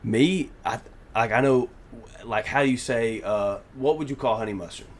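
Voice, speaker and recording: A man's voice: medium pitch, moderate pace. A man from the American South with a Southern accent, co-hosting a casual podcast and rambling with frequent restarts. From southern Georgia, US. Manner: rambling, trips over words, restarts often. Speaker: podcast co-host. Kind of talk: casual chat.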